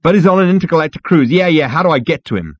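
Brash swaggering adventurer, put on by a man; loud, cocky, lively, dry room. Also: medium pitch, brisk, breathy edge, no echo, muffled recording, pitched above the performer's own voice. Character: brash, swaggering two-headed male adventurer.

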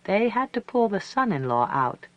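A storyteller reading a story aloud in a measured way, slowing down for emphasis. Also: mid-range voice, sing-song, no room sound, dull audio. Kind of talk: scripted narration of a story.

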